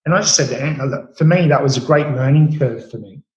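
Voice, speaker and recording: With a quick pace and a slightly mellow, medium-pitched voice, this Australian-accented chef in his late forties tells interview stories about his culinary career, stumbling through fillers and restarts. The recording echoes in the room and has its highs cut off.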